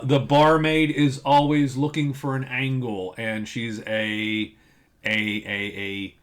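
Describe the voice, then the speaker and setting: A man talks through game master advice in a loose, unscripted monologue, often doubling back and restarting his sentences. His voice sits at an ordinary middle pitch, and he plays down his own skills with easy humor. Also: fairly bright tone. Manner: rambling, self-deprecating, frequent restarts.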